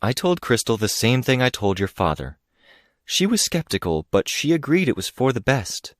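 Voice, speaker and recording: Earnest coaxing mother, read by a man, raised softer pitch, dry close sound. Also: very animated, normal speed, no echo, lightly acted. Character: composed, pleading middle-aged mother. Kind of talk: audiobook character reading.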